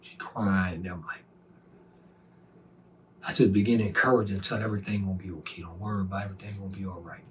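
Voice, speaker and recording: Low-voiced man with a Southern accent. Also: fairly even intonation, fast talker, long pauses, slight background noise. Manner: earnest, emotional storytelling with repetitions. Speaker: testimony speaker. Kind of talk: personal testimony, conversational.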